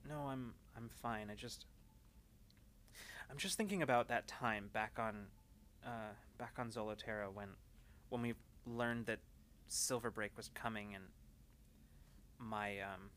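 A man voicing an anxious young woman co-pilot who speaks quietly, haltingly and apologetically. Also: lowish voice, slight background noise. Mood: uneasy.

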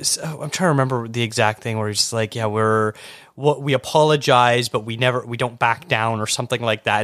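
A Canadian man in casual podcast chat reviewing a movie, animated and quick to laugh, often restarting his sentences. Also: medium pitch, dry recording, clean studio sound. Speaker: podcast co-host.

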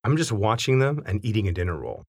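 A man reading a family anecdote aloud with wry, animated storytelling. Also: on the low side, fast talker, dry recording, clean studio sound.

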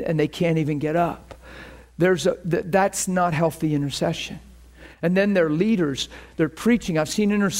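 A man preaches a teaching sermon and shares his own testimony, earnest and emphatic, often repeating words to build a point. His voice is fairly high and a little mellow.

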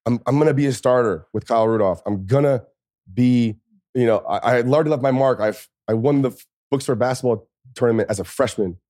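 A man's voice: mid-range voice, a little fast, mellow, dry recording, studio quality. A man in his thirties, a former football player, telling casual stories as a podcast guest, laughing often and swearing freely. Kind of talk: casual storytelling.

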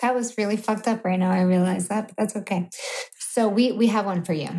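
A woman's voice: medium pitch, fairly even intonation, brisk, dark tone. Blunt, explicit woman storyteller. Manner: blunt, explicit, self-mocking. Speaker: podcast co-host. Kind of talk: candid comedic storytelling.

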